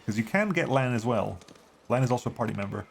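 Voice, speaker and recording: A man's voice: medium pitch, lively intonation, quick pace, vocal fry, slight background noise. A man streaming a game, reading it aloud and commenting in a wry, offhand way. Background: game music.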